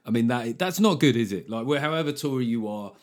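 A man hosts a solo comedy podcast, riffing on politics in a sarcastic, profane rant. His voice sits at an ordinary middle pitch, and he keeps breaking into mocking impressions of the figures he talks about. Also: fast talker. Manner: sarcastic, swearing, animated impressions. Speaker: podcast host.

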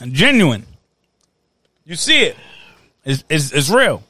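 Lively high-voiced man chatting. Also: slow pace, dry recording, studio quality. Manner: laughing, animated, repeats himself. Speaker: podcast co-host. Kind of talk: casual chat.

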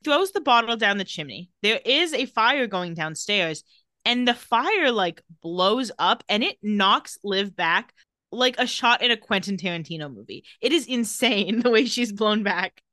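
Podcast host, woman, bright and forward voice, dry close recording, casual recap delivery. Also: mid-range voice, expressive, measured pace, no echo. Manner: narrates scenes, quoting characters.

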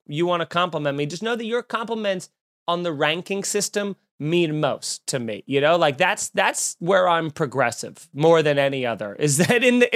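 A young adult man, a stand-up comedian, telling a casual, jokey podcast story and acting out the people in it. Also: on the high side. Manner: animated, jokey, acts out voices in anecdotes.

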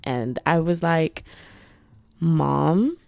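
A woman's voice: on the low side, a little slow, creaky, dark tone, no room sound, faint music behind. A young woman vlogging in a chatty, rambling way, full of asides and "like"s. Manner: chatty, self-interrupting, many "like"s. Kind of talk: casual rambling chat.

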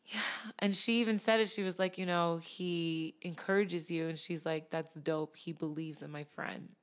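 Tearful woman guest, low voice. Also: steady tone, clean tone. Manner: tearful, halting, often laughs through emotion. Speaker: podcast guest, actress. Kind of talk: emotional personal conversation.

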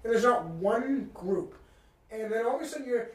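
A man's voice: very high voice, animated, normal speed, far from the mic. A man from New England hosting a podcast, telling a trip story in casual chat, rambling and swearing freely. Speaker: podcast host. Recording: roomy sound from off-mic.

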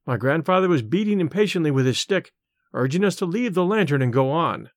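Expressive male audiobook narrator. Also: fairly high pitch, brisk, no room sound, clean studio sound. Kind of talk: first-person novel narration.

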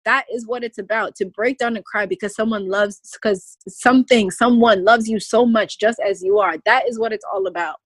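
A woman's voice: fairly high pitch, steady tone, normal speed, few pauses, dry recording. A woman speaking as a podcast guest in casual conversation, emphatic and goofy, often breaking into laughter.

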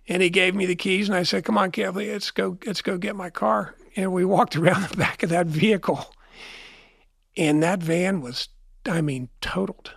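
A man's voice: high voice, fairly even intonation, normal speed, gravelly, no echo, studio quality. A middle-aged man telling a long story in a rambling way, repeating and restarting his words as an interview guest.

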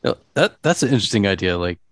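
A man's voice: fairly low pitch, big pitch swings, quick pace, no echo, clean studio sound. A man co-hosting an interview, chatting casually and playfully. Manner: joking, playful, slips into mock voices. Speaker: podcast co-host.

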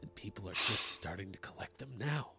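A man putting on a hushed, melodramatic whisper as an anxious collector lying awake at night, in a whispered role-play. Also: fairly low pitch, expressive, brisk, vocal fry, music in the background, pitched below the performer's own voice. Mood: fretful. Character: anxious sleepless collector, fretful.

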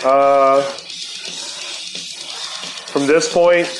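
A man in his fifties spins a loose, profanity-laced yarn in a relaxed, unhurried way, peppering it with "man" and "dude". Guitar music plays clearly behind him. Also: mid-range voice, poor audio. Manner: profane, laid-back, heavy swearing with fillers like "man" and "dude". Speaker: storyteller. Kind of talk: rambling personal storytelling. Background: guitar music playing.

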